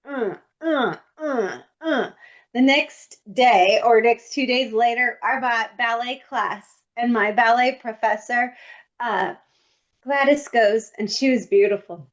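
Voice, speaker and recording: A woman co-hosting a podcast, telling stories in a lively, comic, casual way with playful asides. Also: a little high, takes it slowly, muffled recording. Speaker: podcast co-host. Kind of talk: casual storytelling chat.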